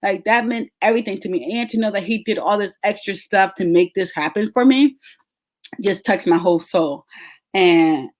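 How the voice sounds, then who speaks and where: A woman's voice: medium pitch, moderate pace. A woman, a podcast host telling a story in casual, chatty talk straight to her listeners. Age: 30s. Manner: chatty, addresses listeners as y'all.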